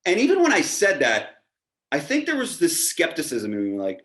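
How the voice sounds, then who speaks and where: A man telling a story as a podcast guest, animated and self-deprecating. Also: medium pitch, normal speed. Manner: animated, self-deprecating, acts out quoted dialogue. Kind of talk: casual storytelling.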